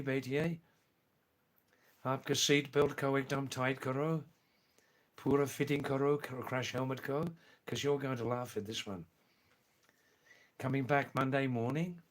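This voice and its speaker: Brief: male live-stream host, chatty and teasing, average pitch, repeats lines for effect. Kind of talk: casual live-stream chat with viewers.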